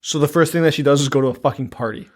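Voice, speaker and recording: A man's voice: a little high, very fast, darkish tone. A man co-hosting a podcast, chatting with wry sarcasm and frequent laughter. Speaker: podcast co-host. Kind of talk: casual chat recapping a movie.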